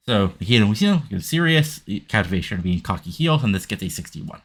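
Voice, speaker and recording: A man's voice: lowish voice, very animated, fast, few pauses. A man casually narrating a wrestling game playthrough, rambling with lots of fillers. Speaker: game commentator. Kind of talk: casual let's-play narration.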